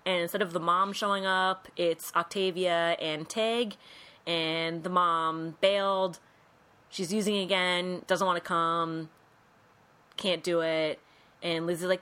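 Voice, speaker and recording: Woman, casual film recap, low pitch, bright tone, chatty, acts out quotes. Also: level tone, measured pace, clean tone. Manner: chatty, acts out quotes, says 'like' a lot. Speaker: podcast co-host.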